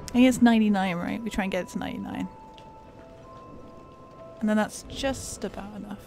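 A woman's voice: medium pitch, steady tone, brisk, a little mellow, soft background music. A woman giving casual, jokey commentary while playing a video game, laughing often. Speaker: gaming streamer.

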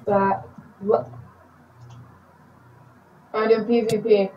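Excitable woman gamer in an echoey room. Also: mid-range voice, very slow, slight background noise. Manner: excitable, repeats words in bursts. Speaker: gaming channel host. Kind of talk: casual game commentary. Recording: echoey, distant, muffled home recording.

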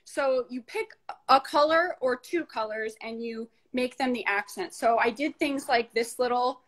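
Woman, chatty home tour, practical tips, slightly high voice. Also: unhurried, fairly bright tone, low-quality recording. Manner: chatty, gives practical advice. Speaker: apartment owner giving a home tour. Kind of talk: casual chat.

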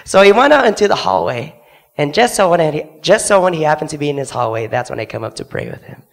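A man's voice: on the high side, very animated, quick pace, vocal fry, in a large hall. A young man giving an earnest testimony to a church congregation from the front of a church sanctuary, speaking into a handheld microphone. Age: young adult. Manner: earnest storytelling, acting out quoted voices. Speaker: student literature evangelist.

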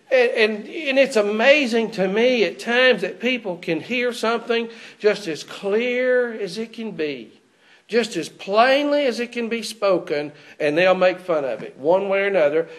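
A man's voice: high-pitched, fairly bright tone. A man preaching an expository sermon in a church, putting rhetorical questions to his congregation.

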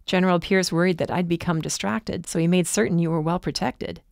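A woman voicing a tired, protective young man who speaks in a steady, hushed, reassuring way. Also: on the low side, fairly quick, gravelly, dry recording, studio quality.

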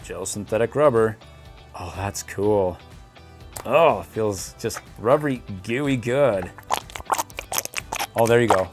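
A man's voice: fairly low pitch, animated, slow pace, long pauses, music in the background. A man casually reviewing and unboxing toys, playful and chatty, laughing often. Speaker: toy reviewer.

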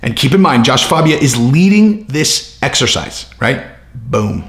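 A man hosting a ranting commentary vlog about mixed martial arts, with animated, profane, sarcastic riffing. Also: mid-range voice, measured pace, roomy sound. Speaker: MMA commentator.

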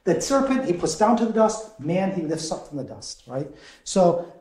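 A man in the role of a deacon, leading a conversational Bible study in an animated way, quizzing the group and chuckling often. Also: high-pitched, moderate pace. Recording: echoey room.

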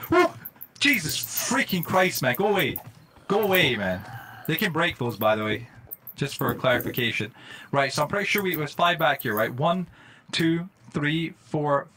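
A young man live-streaming a game, chatting with viewers in slang and breaking into loud exclamations. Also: mid-range voice. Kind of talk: live-stream gaming commentary. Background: faint music.

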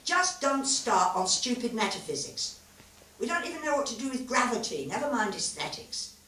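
A woman reading as a cross, sharp-tongued woman. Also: low-pitched, lively intonation, moderate pace. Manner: cross, clipped. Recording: roomy live hall, far mic.

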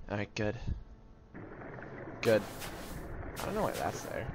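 A man commenting excitedly on his own gameplay and reading game lines aloud in voices. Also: on the low side, unhurried, pauses often, dull audio, noisy background. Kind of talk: let's play commentary. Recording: game music playing behind.

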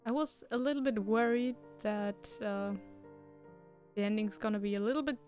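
A woman's voice: medium pitch, normal speed, a little mellow. A woman streamer chatting casually while playing a story game, reading its text aloud. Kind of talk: casual let's-play commentary. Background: faint piano game music.

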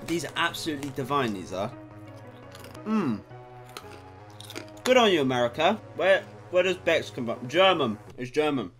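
A man's voice: medium pitch, moderate pace, soft background music. Rambling young British guy vlogging. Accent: British English. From Britain. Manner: rambling, excitable, swears casually. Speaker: YouTuber. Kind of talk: casual vlog chat to camera. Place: home room at night.

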